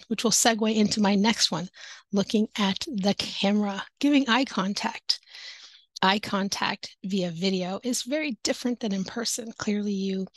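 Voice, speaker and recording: A woman with a medium-pitched, slightly bright voice teaches online, sharing casual tips with fellow teachers. She's upbeat and chatty, laughs often, and talks into a headset with headphones, with no echo.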